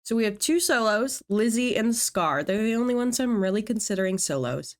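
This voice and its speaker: A woman's voice: on the high side, expressive, a little fast. A young woman talking casually as a video creator, chatting and thinking aloud to herself as she works through lists. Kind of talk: casual chat.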